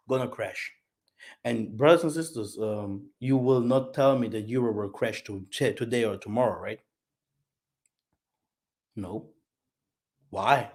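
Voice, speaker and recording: A channel host gives heated political commentary to his audience in a medium-pitched male voice that lurches between loud outbursts and quiet asides. He repeats words often and keeps checking in with a tag "yeah?".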